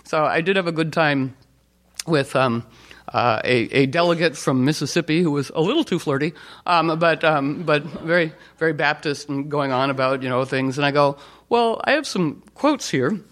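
A man's voice: fairly high pitch, steady tone, moderate pace, fairly bright tone. A man giving an informal talk, rambling with fillers and restarts, and playfully telling anecdotes in which he acts out the people he quotes. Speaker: speaker.

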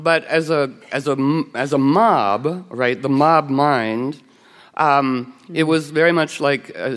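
A woman's voice: deep voice, big-room sound. Rambling, playful woman telling stories. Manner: rambling, playful, full of "you know" and restarts. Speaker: radio show host, telling anecdotes as a guest. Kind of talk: casual storytelling chat.

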